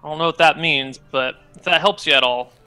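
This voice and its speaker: A man's voice: fairly high pitch, brisk, sharp tone. A man voicing a chatty male innkeeper who talks in a casual, rambling way. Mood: helpful.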